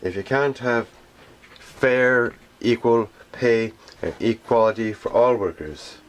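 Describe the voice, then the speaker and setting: A garbage collector delivering an indignant, rambling monologue, repeating himself and often pausing with filler phrases as he searches for words. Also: medium pitch. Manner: indignant, repetitive, often pauses with "how you say".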